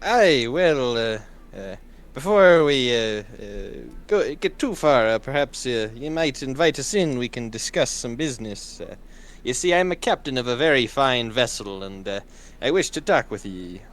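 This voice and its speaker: A man voicing a gruff male ship captain who likes strong drink, with salty sailor talk and a hesitant delivery. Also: mid-range voice, expressive, moderate pace, natural voice. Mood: bargaining.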